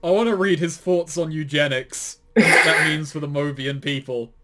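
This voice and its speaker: A man's voice: fairly high pitch, steady tone, normal speed, very noisy. A man co-hosting a casual commentary show, reading aloud and mocking it with sardonic asides, frequent swearing and laughter. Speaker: commentary co-host.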